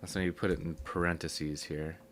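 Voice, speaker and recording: A young man with a sick, hoarse voice, casually teaching a music theory lesson step by step. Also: sits low, moderate pace, slight background noise. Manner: relaxed, explaining step by step with fillers.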